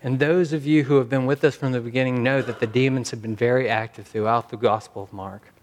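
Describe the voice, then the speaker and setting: A man's voice: medium pitch, fairly even intonation. Earnest male pastor preaching. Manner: earnest, slows and rises for emphasis. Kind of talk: sermon.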